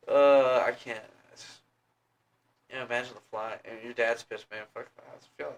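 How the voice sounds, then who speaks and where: A young woman co-hosting a podcast, retelling stories with lots of swearing and loud exclamations. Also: rumbling low, steady tone, moderate pace. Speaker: podcast co-host. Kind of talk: casual chat.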